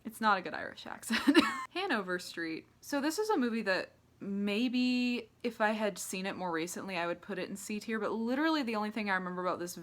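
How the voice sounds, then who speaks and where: A woman's voice: medium pitch, expressive, a little fast. A young American woman giving a casual, sarcastic movie ranking commentary, laughing often and peppering her talk with "like". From United States. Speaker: movie reviewer.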